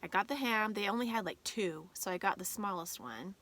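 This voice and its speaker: A woman's voice: mid-range voice, fairly quick, a bit bright. A woman vlogger telling a personal story in a casual, rambling way with many fillers, emotional and holding back tears at times.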